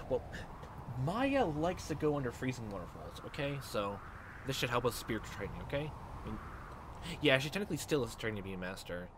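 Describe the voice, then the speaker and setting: A man's voice: medium pitch, big pitch swings, fairly quick, background noise. A man playing a fan-made game and commenting, rambling and joking with the odd swear. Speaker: let's player. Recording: game music playing behind.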